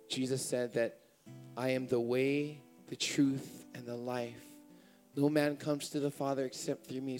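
A man's voice: mid-range voice, level tone, a little slow, a little mellow, soft background music. A young man preaching a sermon at a church service, with impassioned, rising emotional appeals.

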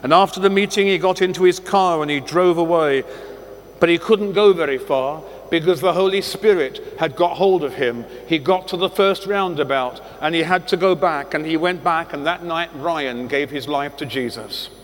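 Preacher man, high voice, unhurried dramatic sermon delivery, long echo in a church hall. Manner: slow, deliberate storytelling with dramatic pauses. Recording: long echoey hall reverb.

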